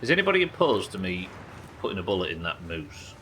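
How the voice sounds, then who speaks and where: A man talks through his live game stream, excitable and quick to swear, chatting to viewers as he plays. His voice is bright, with a low-ish pitch that leaps around a lot. A faint hiss sits under the recording.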